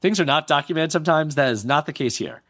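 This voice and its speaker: This podcast host speaks fast in a fairly high, animated voice with a bit of brightness, spinning a history tale with humor. He reads quotes aloud and tosses in playful asides, all in clean studio sound with no room tone.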